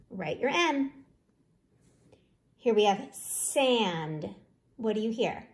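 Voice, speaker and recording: Slow, encouraging woman teaching phonics. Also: medium pitch, lively intonation, gravelly. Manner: slow, encouraging, sounds out letters. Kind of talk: phonics lesson for young children.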